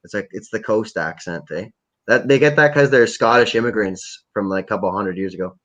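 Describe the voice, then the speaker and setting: A man's voice: fairly low pitch, brisk, fairly bright tone, highs cut off. A man hosting a livestream in rambling, profane casual chat. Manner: rambling and profane, with many fillers. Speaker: livestream host.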